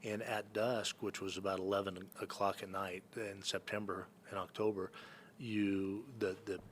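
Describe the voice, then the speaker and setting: A man's voice: low-pitched, little pitch movement, moderate pace, a little hiss or hum. A man from Northern California, a podcast guest, telling rambling stories with many fillers and restarts. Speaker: guest, entrepreneur and hunting guide. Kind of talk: casual storytelling in a podcast interview.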